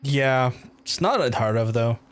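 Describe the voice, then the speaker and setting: A man's voice: mid-range voice, expressive, unhurried. A man streaming a video game, chatting casually and swearing often while he talks over the play. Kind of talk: casual gameplay commentary.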